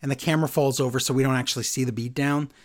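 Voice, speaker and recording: A man's voice: medium pitch, rapid-fire. A man co-hosting a casual chat, recapping events and acting out quotes with playful voices. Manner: animated, acts out quotes in voices. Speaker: podcast co-host recapping wrestling.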